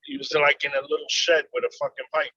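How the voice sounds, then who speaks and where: Guy on a zoom call telling wild stories about serving papers, swears a lot, bright tone, muffled dry audio. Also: a little high, quick pace, slightly rough, dry recording. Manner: animated, laughing, swearing, acts out voices in anecdotes. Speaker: process server. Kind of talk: casual storytelling chat. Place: video call.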